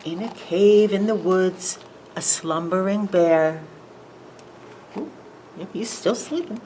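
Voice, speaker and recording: A woman librarian reading a picture book aloud at a preschool storytime, animated and sing-song, asking the children questions. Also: fairly low pitch, slow pace, a little hiss or hum, poor audio.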